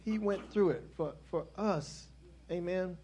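Preacher man, high-pitched, emphatic repetitive sermon delivery. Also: a little slow. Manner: intense and rising, then softening.

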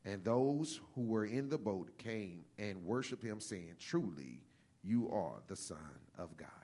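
A man preaching a sermon, reading scripture slowly and then building to a fervent, rising cadence with repeated phrases. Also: on the low side, animated, dark tone.

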